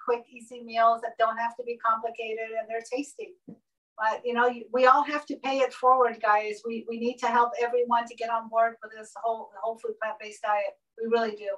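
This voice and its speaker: A woman guest in a casual interview, telling stories and acting out the lines of others with lively emphasis. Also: on the high side. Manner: animated, acts out quoted dialogue. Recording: voice somewhat distant from mic.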